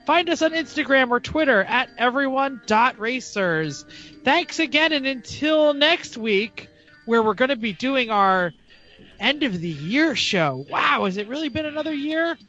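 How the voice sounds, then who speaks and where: Guy with a high bright voice doing the podcast outro, joking around, dull lo-fi audio with faint music. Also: unhurried. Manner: upbeat, jokey, animated sign-off. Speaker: podcast host.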